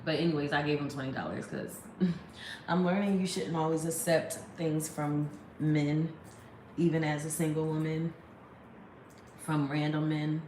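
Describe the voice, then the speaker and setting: A woman's voice: sits low, fairly even intonation, moderate pace, darkish tone, roomy sound, slight background noise. A woman in her thirties chatting casually to a phone camera, rambling and laughing often. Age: 30s. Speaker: vlogger.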